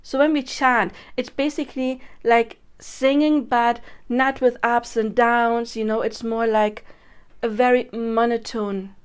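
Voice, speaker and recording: Chatty woman teaching manifestation, higher voice. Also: level tone, a little slow, smooth. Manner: chatty, laughs often, demonstrates chants and loud incantations. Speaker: manifestation coach. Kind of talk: casual teaching to camera.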